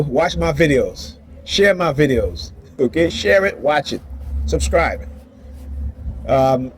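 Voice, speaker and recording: A man's voice: mid-range voice, a little mellow, a little hiss or hum. A man vlogging from his car in a casual, heated rant, rambling and repeating "you know" and "right?".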